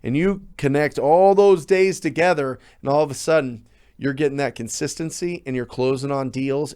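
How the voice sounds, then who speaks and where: A real estate coach gives a motivational talk, energetic and emphatic, often repeating words to drive a point home. His voice sits in the mid range.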